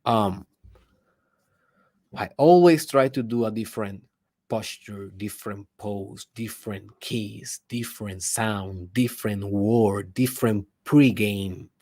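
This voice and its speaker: A man hosting a personal development podcast, speaking in an emphatic motivational monologue that swings between loud bursts and hushed asides, with rhetorical questions to the listener. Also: lowish voice, slow.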